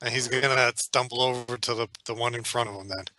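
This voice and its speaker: A man's voice: mid-range voice, steady tone, fast talker, bright, forceful tone, slight background noise. A man playing a tabletop role-playing game, casually describing what his character does. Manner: laid-back, describing his character's actions. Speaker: player.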